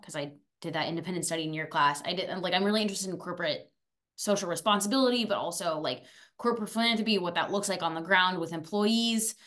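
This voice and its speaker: A young woman from France, a former student, talking fast and chatty in a casual interview. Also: medium pitch, fairly bright tone.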